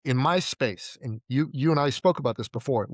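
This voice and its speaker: A man's voice: medium pitch, normal speed, no room sound. A man from Iran, a podcast guest and entrepreneur, telling stories in casual interview talk. He acts out the people he quotes and often says "like" and "right?".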